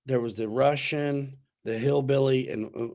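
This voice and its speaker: A man's voice: mid-range voice, steady tone, moderate pace, a little mellow. A man hosting a casual livestream chat, talking in a laid-back, slangy, rambling way with restarts. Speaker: host.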